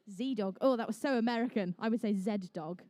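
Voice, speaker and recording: A young English woman calls the action as referee, her voice pitched high and bright above most women's. She keeps up a playful, joking patter, and the sound is close and dry, with no room echo. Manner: playful, chatty, jokey asides. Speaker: referee and match commentator. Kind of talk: live event commentary. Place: indoor competition venue.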